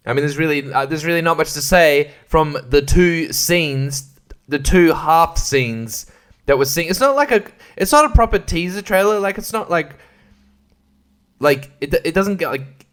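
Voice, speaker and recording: A man's voice: medium pitch, moderate pace, a bit bright, smooth. A man hosting a solo podcast, rambling sarcastically, swearing a lot and laughing often. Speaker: podcast host.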